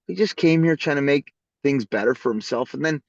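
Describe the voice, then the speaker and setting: A man who is a podcast guest, telling stories in a casual, animated way and acting out the people in them. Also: mid-range voice, fairly quick, creaky, no echo. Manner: animated storyteller who acts out the voices in his stories. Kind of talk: casual storytelling interview. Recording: slightly dull lo-fi audio.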